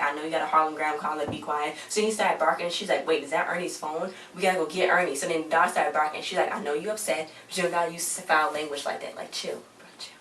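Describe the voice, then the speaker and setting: A young woman with a slightly low voice chats her way through a TV episode recap, acting out the characters' lines as she goes. She sits back from the mic in a roomy space, with a faint hum behind her. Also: a bit bright, distant mic. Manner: chatty, retells scenes acting out characters' lines. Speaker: TV show reviewer. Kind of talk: casual recap vlog.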